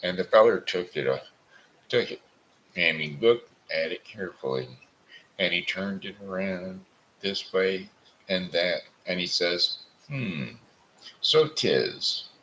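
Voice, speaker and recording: A man reading an old story aloud, deliberate and stopping now and then to correct himself. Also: low-pitched, fairly bright tone, a little hiss or hum, low-quality recording. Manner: deliberate reading with frequent restarts.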